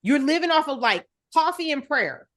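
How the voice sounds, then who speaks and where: Frank, lively woman wellness coach. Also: sits high, moderate pace. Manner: frank and animated, quotes her clients. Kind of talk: casual podcast conversation.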